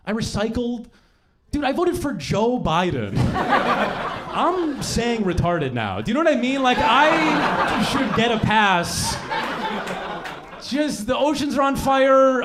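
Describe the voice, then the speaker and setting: A young man works a comedy club crowd, his voice riding high and swinging wide as he riffs. The live recording is noisy, and his delivery is profane, with sudden shouted bits. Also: lively intonation, a little slow. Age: young adult. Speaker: stand-up comedian. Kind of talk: stand-up comedy set. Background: audience laughter.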